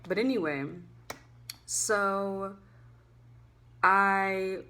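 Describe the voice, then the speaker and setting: A young woman telling a casual storytime vlog, chatty and animated, full of "like" fillers, swinging between loud and hushed. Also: medium pitch, very slow, a little hiss or hum. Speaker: student vlogger.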